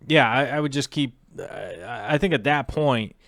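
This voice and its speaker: A man's voice: medium pitch, animated, measured pace, a bit bright, no room sound. Rambling casual man on a dry close mic. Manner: rambling, many fillers and restarts. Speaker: aquarium livestream host. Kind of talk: casual livestream chat.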